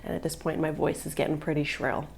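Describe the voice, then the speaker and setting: A woman's voice: sits low, level tone, quick pace, vocal fry, slight background noise. A mother vlogging live, telling an upsetting story in an agitated, emotional way and filling it with "like.". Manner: agitated, upset retelling with many "like" fillers.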